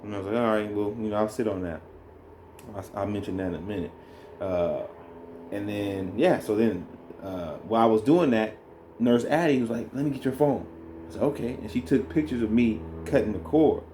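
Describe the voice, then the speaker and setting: A man telling a birth story in a relaxed, rambling way, co-hosting a casual chat with his partner. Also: lowish voice, a little fast, a little hiss or hum. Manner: rambling, animated when retelling. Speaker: co-host, new father.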